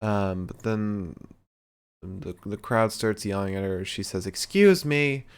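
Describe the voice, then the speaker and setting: Lower-voiced man giving a blunt recap. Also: flat delivery, smooth. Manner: blunt and profane, quick to mock. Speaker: podcast host. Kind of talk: casual wrestling recap chat.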